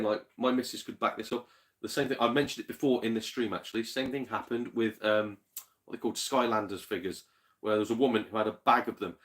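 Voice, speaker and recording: Man, live-stream chat, casual, swears, laughs often, slightly tipsy, medium-pitched voice.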